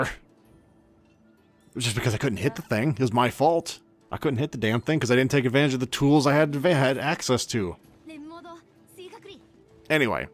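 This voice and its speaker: A man giving casual gameplay commentary as a channel host, chatty and self-mocking with grumbling asides. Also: mid-range voice.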